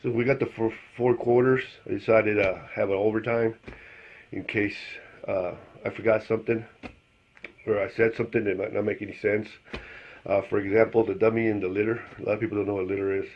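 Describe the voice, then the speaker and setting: A man's voice: on the low side, flat delivery, fairly quick, slight background noise. A man telling a joke in a casual, rambling monologue, leaning on fillers and chuckling at his own story. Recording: dull lo-fi recording.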